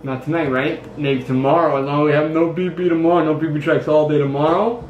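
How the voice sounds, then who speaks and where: A man's voice: a little high, steady tone, fairly quick, reverberant, dull audio, slight background noise. A man chatting at a home dinner table, joking with a dry, teasing manner. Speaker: partner at dinner. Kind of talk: casual family chat.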